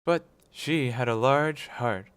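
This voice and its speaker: A man voicing a gentle male spirit who speaks softly and calmly. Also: mid-range voice, slow, clear, resonant tone, dry recording, voice pushed up.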